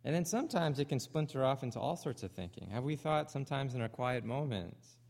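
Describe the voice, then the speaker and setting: A man with a Canadian accent preaching a sermon, animated, acting out the voices he quotes. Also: medium pitch, a little fast, gravelly, few pauses. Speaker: pastor.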